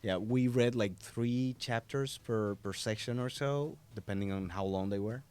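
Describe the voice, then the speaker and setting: A man, a voice actor, chatting as a guest on a podcast in a studio, a little congested, talking in an animated way and slipping into quoted voices. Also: mid-range voice, normal speed, smooth. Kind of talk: casual interview chat. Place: podcast studio in a hobby shop.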